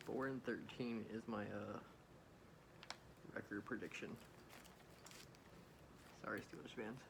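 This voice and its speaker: A man hosting a soft-spoken ASMR video, rambling and correcting himself as he talks. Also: lowish voice, steady tone, slow pace, gravelly, long pauses, background noise. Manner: rambling, self-correcting, chatty. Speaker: ASMR channel host.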